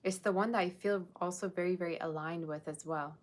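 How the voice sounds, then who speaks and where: A woman's voice: lowish voice, steady tone, fairly quick, slight background noise. A woman giving a casual live-streamed tarot reading, chatting straight to her viewers in a musing, tentative way. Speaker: tarot reader.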